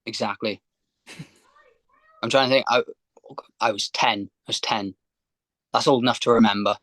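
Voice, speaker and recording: A man's voice: medium pitch, fairly even intonation, moderate pace, fairly bright tone, dry recording. A man who is a guest on a casual podcast, hesitantly thinking aloud as he answers quiz questions.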